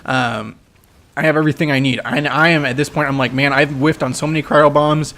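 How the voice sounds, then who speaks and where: Brief: young male game commentator, excitable and profane, a little higher than usual. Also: brisk. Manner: excitable, swears, shouts when reenacting his trash talk. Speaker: gameplay commentator. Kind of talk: casual match breakdown commentary.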